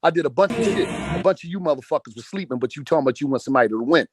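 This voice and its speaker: A man's voice: a little high, animated, racing, over music. A man in his forties giving a profane, emphatic motivational rant over a phone call, repeating phrases for force. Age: 40s. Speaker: speaker in a group audio call. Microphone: phone on an audio call.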